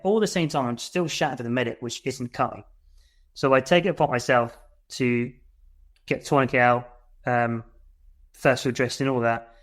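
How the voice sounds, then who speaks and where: A man's voice: mid-range voice, moderate pace, pauses often. A man, a military veteran, telling a war story as a podcast guest in a blunt way, with swearing. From United Kingdom. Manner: blunt and swearing, re-enacts his shouts.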